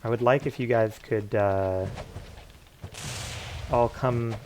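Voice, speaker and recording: A man's voice: mid-range voice, steady tone, slow pace, darkish tone, slight background noise. A man streaming a game and joking around in casual commentary. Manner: playful, jokey asides.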